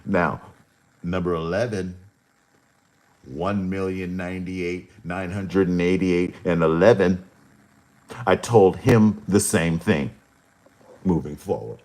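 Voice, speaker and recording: A man hosting his own livestream, rambling to his chat in a slow, drawn-out way with sudden animated jumps. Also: deep voice. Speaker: rapper hosting a livestream show.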